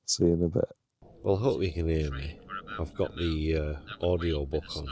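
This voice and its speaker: Wild camping on a hill, a man talks casually to the camera, chatty and rambling with lots of fillers, first outdoors and later inside his tent. His voice sits low, with a mellow tone and moderate pace.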